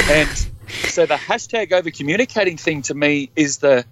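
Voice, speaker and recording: Slightly high-pitched and a little fast, this man's voice comes with a bit of hiss or hum. He's a guest in his fifties, once a police officer, candidly and earnestly recounting his own experiences and animatedly performing the voices of others.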